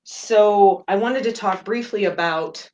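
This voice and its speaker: A woman hosting a meditation podcast, talking about personal matters in earnest, halting phrases. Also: medium pitch, darkish tone. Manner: earnest and open, speaks in halting phrases with fillers. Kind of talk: personal reflective talk.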